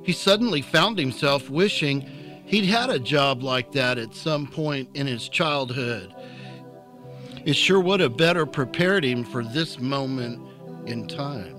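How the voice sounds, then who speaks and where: Slow, calm male audiobook narrator. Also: medium pitch, faint music behind. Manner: calm, unhurried storytelling.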